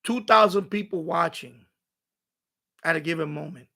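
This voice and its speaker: A high-pitched man with a gravelly, fry-laced edge talks in a loose, rambling live-stream chat. His tone is bright and sharp as he rants and swears. He sounds like he is in a home radio room. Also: moderate pace. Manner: animated, profane ranting with mocking asides.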